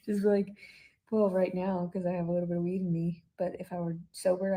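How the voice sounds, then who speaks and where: Woman vlogger, late-night diary at home; rambling, swears a lot, rants loud then drops to a mutter. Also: lowish voice, flat delivery, fairly quick, poor audio.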